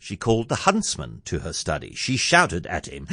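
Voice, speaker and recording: A man's voice: sits low, huge pitch swings, normal speed, hardly any pauses, bright, forceful tone, dry recording, clean studio sound. A man reading a comic storybook poem aloud, playful and sardonic. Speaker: narrator.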